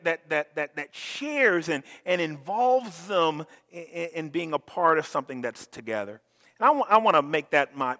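A man preaching a sermon as pastor in a church, animated, with many restarts and questions thrown to the congregation. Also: high-pitched, big-room sound. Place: church sanctuary.

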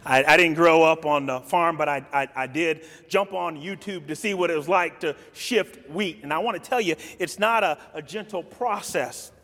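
A man preaching a sermon in a dramatic way, swinging between soft and loud and acting out the quotes he reads. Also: on the high side, moderate pace, hardly any pauses. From grew up in a city. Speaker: pastor. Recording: long reverb of a large hall.

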